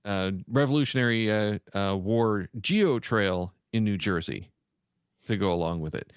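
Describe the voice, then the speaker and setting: A man co-hosting a casual podcast chat, reading through a list with frequent pauses and fillers. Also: on the low side, lively intonation, smooth, no echo, studio quality. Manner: halting, many "uh" fillers while reading out a list. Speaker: podcast co-host.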